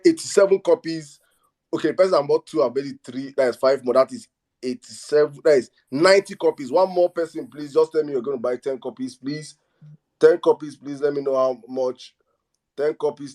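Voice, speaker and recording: A Nigerian man with an accent, hosting a live audio room and selling hard for a guest. He keeps repeating himself and pleading with listeners, pushing them to buy more copies. His voice sits at an ordinary middle pitch. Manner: energetic, repetitive, pleading with listeners. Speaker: host of an online audio space. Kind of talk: excited live fundraising hype.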